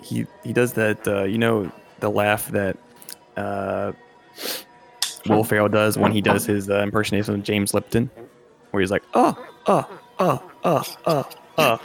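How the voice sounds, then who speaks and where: A man playing a tabletop game, describing his character's actions in a halting, hesitant way with many fillers. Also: fairly low pitch, completely flat delivery, gravelly, soft background music. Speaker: player.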